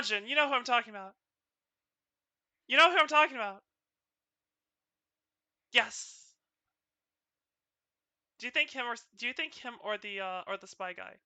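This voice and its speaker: A VTuber streamer with a North Carolina accent chats playfully with friends and viewers, often tripping over her words. Her voice is on the high side with a sharp tone, on a dry recording.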